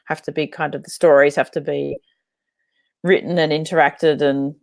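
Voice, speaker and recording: A woman's voice: sits low, flat delivery, normal speed, creaky, a little mellow, dry recording. A woman co-hosting a podcast, agreeable and thoughtful in casual chat. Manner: agreeable, thoughtful, frequent backchannel. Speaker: podcast co-host.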